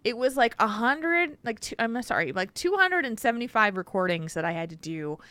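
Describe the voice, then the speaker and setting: A woman co-hosting a casual podcast, telling stories in an animated way. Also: a little high, brisk, no echo. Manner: animated storyteller, laughs often, slips into silly voices. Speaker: podcast co-host.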